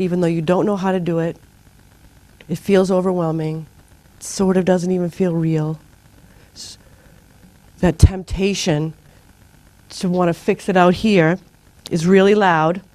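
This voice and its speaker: A woman's voice: fairly low pitch, measured pace, no room sound. A middle-aged woman leading a spiritual group, talking earnestly and informally, acting out her own outbursts as she tells stories. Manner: earnest, animated storytelling with acted-out outbursts.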